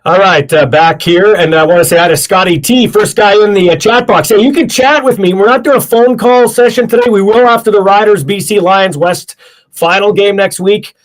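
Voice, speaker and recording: A man's voice: high-pitched, normal speed. A middle-aged man hosting a casual sports talk show, opinionated and rambling with lots of fillers, sounding tired. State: tired, yawning.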